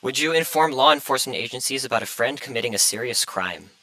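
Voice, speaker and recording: A man's voice: medium pitch, animated, fast talker, bright, forceful tone, dry recording, low-quality recording. A young man hosting a casual student podcast, hesitant and full of fillers, a little flustered. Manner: hesitant, many fillers, flustered by tech trouble. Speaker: podcast host.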